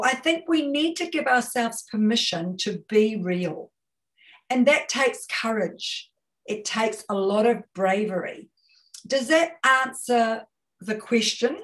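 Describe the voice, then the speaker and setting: A woman with a New Zealand accent, a communication consultant giving an expressive webinar talk over a video call, often repeating words as she goes. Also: on the high side, a little slow, distant mic, poor audio. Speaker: guest speaker, communication consultant.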